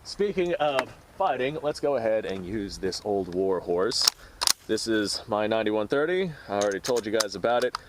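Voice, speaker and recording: A man with a lowish voice, hosting his own channel in a loose, casual way. He rambles and sounds exasperated, and he often breaks into a chuckle. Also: lively intonation, moderate pace, heavy background noise. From United States. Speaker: firearms channel host. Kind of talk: casual talk to camera.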